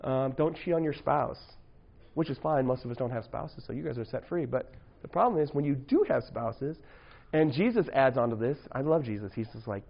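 A man's voice: mid-range voice, normal speed, highs cut off. A man preaching to young people in a casual, joking way, often tossing in "right?" asides. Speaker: youth pastor.

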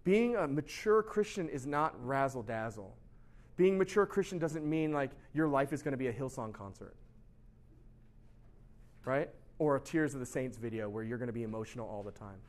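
A man giving a casual, animated sermon as a pastor, often asking "right?" and laughing at himself. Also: medium pitch, normal speed. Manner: chatty, animated, constant rhetorical "right?"; laughs at himself, shouts for emphasis.

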